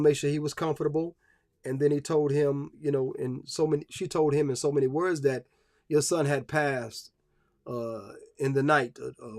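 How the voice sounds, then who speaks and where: A man's voice: fairly high pitch, a little mellow. A man giving a live-streamed religious talk, preachy and emphatic, with many fillers and restarts.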